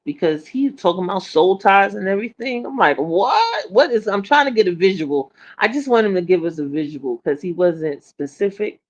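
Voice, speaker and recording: A woman co-hosting a casual chat show, animated and laughing, often repeating herself and restarting her sentences. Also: on the low side, a little fast, hardly any pauses. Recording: dull lo-fi sound.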